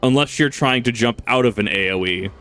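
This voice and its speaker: A man's voice: medium pitch, brisk, fairly bright tone, clear, resonant tone, soft background music. A man casually commenting while playing a video game, rambling, joking, laughing often and swearing. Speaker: gaming channel host. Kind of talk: casual let's-play commentary.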